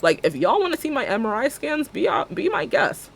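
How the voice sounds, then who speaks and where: A woman's voice: fairly high pitch, sing-song, brisk, gravelly. A woman streamer chatting casually while she plays a game. She tells rambling stories and acts out both sides of each conversation. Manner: chatty and rambling, with frequent fillers and self-corrections.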